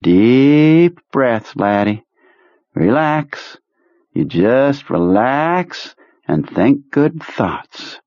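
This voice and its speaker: A man's voice: medium pitch, lively intonation, extremely slow, darkish tone, no room sound, dull audio, voice pushed up. A man voicing a mocking, menacing old commander. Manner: patronizing, calls men "laddie". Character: menacing older male military commander, folksy and cruel.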